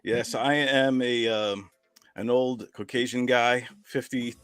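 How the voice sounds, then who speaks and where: A man in his fifties from Long Island, a guest on a video call, relaxed and hesitant, with many ums. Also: mid-range voice, slow pace, smooth, no echo, soft background music. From Long Island, New York. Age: 50s. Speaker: guest, podcast host and video editor. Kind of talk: casual video call chat.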